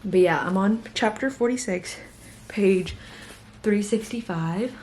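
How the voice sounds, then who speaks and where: A tired college student in her twenties chats casually about books in her reading vlog, gushing and filling her speech with fillers. Her mid-range voice has a darkish tone, she takes it slowly, and there's slight background noise.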